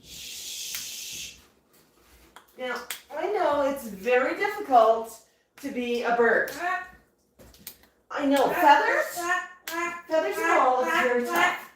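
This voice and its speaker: A woman hosting a casual livestream, cooing and chatting gently to her pet parrots in between reading viewer comments. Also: sits high, expressive, slow, long pauses, distant mic. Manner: coos and talks gently to her birds. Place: indoor room with pet parrots. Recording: very echoey room, voice away from mic, faint noise.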